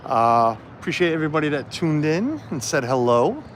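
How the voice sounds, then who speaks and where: With a fairly high pitch and big pitch swings at normal speed, this man livestreams from his phone camera while walking around an outdoor festival site. The vlogger chats casually and rambles with many fillers, over slight background noise.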